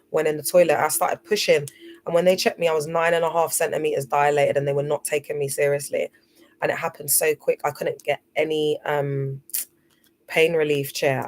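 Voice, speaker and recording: A woman hosting a motivational livestream, speaking earnestly to her viewers and reading from her notes. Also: deep voice. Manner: earnest, reads from notes, addresses viewers as guys. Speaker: livestream host.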